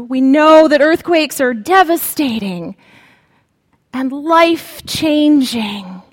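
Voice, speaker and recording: Slow, high-voiced woman preaching. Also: a bit bright, in a large hall. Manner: slow and dramatic, with long pauses. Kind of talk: sermon.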